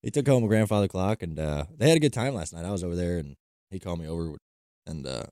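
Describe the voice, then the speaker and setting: Podcast co-host, male, low and dark, quick easygoing delivery, dry close mic. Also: lively intonation, dry recording. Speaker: podcast co-host, racing driver. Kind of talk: casual chat.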